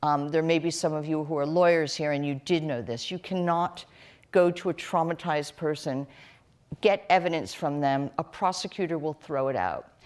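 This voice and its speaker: A low-pitched middle-aged woman talking on a live panel. She speaks in an earnest, measured way, pausing on fillers and restarting phrases as she works through her point. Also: darkish tone. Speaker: panel guest, human rights director.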